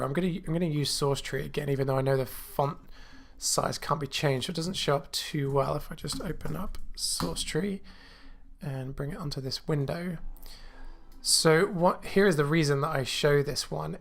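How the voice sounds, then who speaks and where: Rambling man live-coding, clearing his throat. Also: on the high side, fairly bright tone. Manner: rambling, thinks aloud with many fillers and restarts. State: slightly choked, clearing throat. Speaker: livestream host coding. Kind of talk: casual live coding walkthrough. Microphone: new desk mic.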